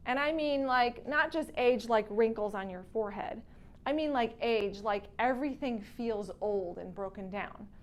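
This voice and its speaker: Texan woman, clinic doctor, higher voice, chatty storyteller who acts out quotes, casual talk to patients. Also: normal speed. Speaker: chiropractor and wellness doctor.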